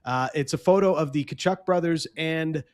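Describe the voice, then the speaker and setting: A man co-hosting a sports podcast in casual chat, animated and quick to slip into mock voices. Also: a little high. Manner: animated, slips into mock voices when quoting others. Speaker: podcast co-host.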